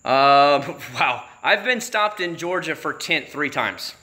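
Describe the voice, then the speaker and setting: A man's voice: a little high, lively intonation, takes it slowly, pushed and bright. A man from Florida chatting casually on a livestream, telling road stories in a chatty, profane, exasperated way. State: married. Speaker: YouTube channel host.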